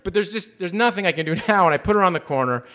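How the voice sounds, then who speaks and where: A man telling a personal story live on stage, animated and self-deprecating, with frequent restarts. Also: high-pitched, rapid-fire.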